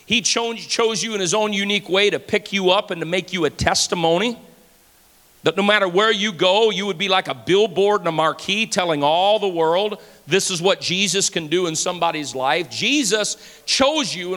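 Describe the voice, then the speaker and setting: A man preaches a fervent sermon in a high, bright voice. His words ring out with a long hall reverb around them. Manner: fervent preaching, rising to shouts. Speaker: pastor. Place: church sanctuary.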